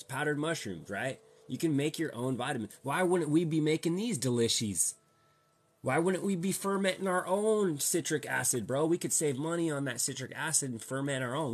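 A young man with a husky, slightly breathy voice rants to his viewers in a loose, slangy way. He keeps firing rhetorical questions at them and repeats himself for emphasis. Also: mid-range voice. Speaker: vlogger. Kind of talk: casual rant to viewers.

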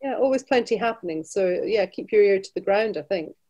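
A woman's voice: medium pitch, lively intonation, fairly quick, warm tone. A Scottish woman, a travel business director, chatting as a guest in an interview, often restarting and laughing between points. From Scotland. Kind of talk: casual interview chat.

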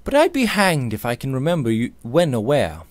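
A man voicing a languid young gentleman. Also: medium pitch, huge pitch swings, brisk, dry recording, pitched above the performer's own voice. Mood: mildly amused. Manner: drawling, indifferent and mildly amused.

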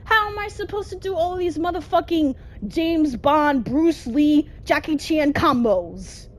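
A woman's voice: sits high, measured pace. A woman giving frustrated gameplay commentary, cursing at the game nonstop. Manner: constant angry cursing at the game. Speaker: gamer.

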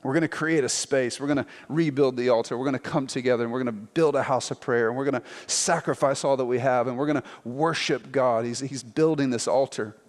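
A man preaching as a pastor, telling a scripture story in a lively, conversational way and acting out the quotes. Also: mid-range voice, fairly quick, hardly any pauses, in a large hall. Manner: animated storytelling, acts out quotes in playful voices. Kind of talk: sermon.

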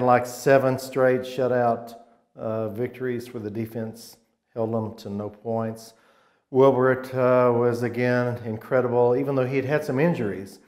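A man in his sixties looks back on his college football days in a loose, rambling way, often restarting mid-sentence and getting animated at the highlights. His voice sits at an ordinary middle pitch and carries a noticeable roomy echo. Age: 60s. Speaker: former college football player, alum guest. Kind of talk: casual interview, reminiscing.

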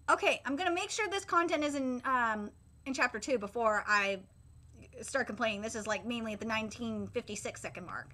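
A woman with a high, bright voice delivers a live reaction critique. She talks emphatically and swears freely. Her sentences break off and restart as she works through her frustration. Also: lively intonation. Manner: frequent swearing, halting restarts; exasperated and emphatic. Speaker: anime reaction host.

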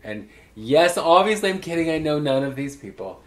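A man's voice: a little high, expressive, moderate pace. A man from Oregon who hosts a podcast and performs drag, telling joking stories in casual chat. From Oregon, USA. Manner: chatty, joking storyteller.

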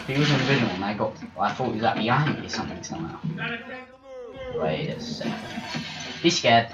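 A man commentating his own live gameplay, talking excitably as he reacts to every kill and near miss. His voice sits at an ordinary pitch, echoing in a roomy space. Loud game music plays underneath. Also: fast, long pauses.

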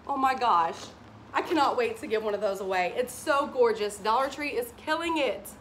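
A woman with a drawl shows off her shopping haul in a casual chat to camera. Her voice sits a bit high, and she gushes over every item in a giddy, excitable rush. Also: normal speed, slight background noise. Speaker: haul vlogger.

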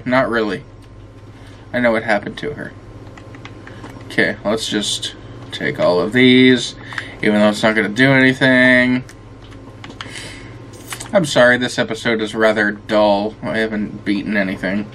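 A man's voice: fairly low pitch, fairly even intonation, measured pace, long pauses, fairly bright tone, slight background noise. A man giving casual let's-play commentary, rambling and swearing often as he talks to the game, tired and yawning. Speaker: gameplay commentator.

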